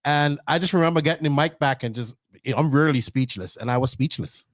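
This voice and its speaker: A man's voice: on the high side, fast, no room sound. A man hosting a casual live stream, chatty and agreeable, with some self-deprecating jokes. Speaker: host.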